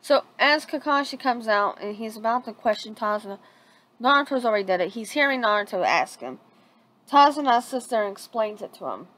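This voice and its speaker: A woman's voice: fairly high pitch, expressive, brisk, fairly bright tone, rough recording. A woman casually retelling a fan story, rambling with frequent restarts.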